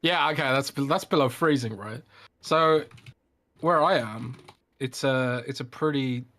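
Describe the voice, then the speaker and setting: A man's voice: mid-range voice, measured pace, a bit bright. Teasing, laughing podcast co-host man. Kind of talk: casual chat.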